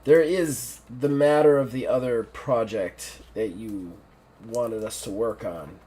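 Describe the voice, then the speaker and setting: A man's voice: medium pitch, slow, dark tone, close to an everyday voice. A man plays a cautious soldier aide who answers his superior politely. He hesitates and stumbles over his words. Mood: hesitant.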